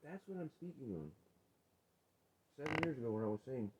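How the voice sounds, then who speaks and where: A man arguing with his wife on a vlog, profane and confrontational, his voice rising toward yelling. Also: medium pitch, lively intonation, fairly quick, slight background noise, rough recording. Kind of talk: heated domestic argument on a vlog.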